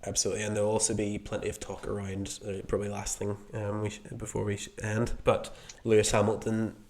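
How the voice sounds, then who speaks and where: A man from the UK talks in a relaxed podcast chat, circling around his point before landing on it. His voice sits on the low side and stays level, with little rise and fall. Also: fast talker. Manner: meandering, thinks aloud while answering. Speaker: podcast co-host. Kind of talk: casual chat.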